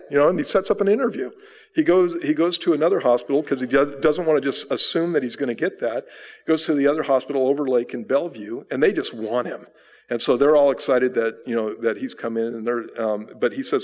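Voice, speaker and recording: A man's voice: medium pitch, fast. Pastor man telling a story in a reverberant church. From United States. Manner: animated storyteller, acts out quoted people, chuckles. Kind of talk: sermon, storytelling. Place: church sanctuary. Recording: long hall reverb.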